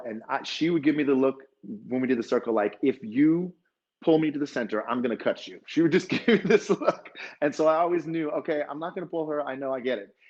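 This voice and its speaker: A man's voice: medium pitch, dull audio. A man, a fitness dance instructor, telling an emotional story at a conference and acting out the dialogue.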